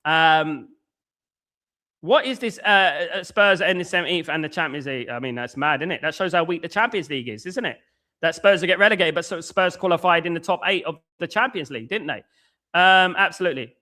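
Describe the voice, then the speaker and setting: A man's voice: fairly high pitch, a little fast, sharp tone. A man hosting a live-stream football talk show, chatting in a repetitive, conversational way and greeting viewers from the chat by name. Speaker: football channel host.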